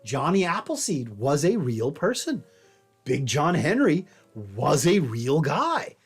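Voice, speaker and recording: A man's voice: on the high side, sing-song, slow, husky. A man giving a recorded history lecture as a professor, conversational and wry, telling stories along the way. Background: faint jazz piano.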